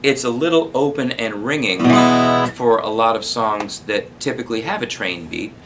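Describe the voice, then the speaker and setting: A man giving a relaxed spoken guitar lesson, explaining strumming and counting beats out loud. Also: mid-range voice, moderate pace, low-quality recording. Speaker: guitar teacher.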